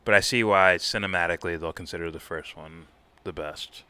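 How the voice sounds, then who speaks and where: A man's voice: sits low, brisk, sharp tone, clear, resonant tone, no echo. A man co-hosting a casual live reaction stream, rambling about films with lots of swearing and laughter. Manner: profane, rambling, laughs a lot. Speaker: co-host.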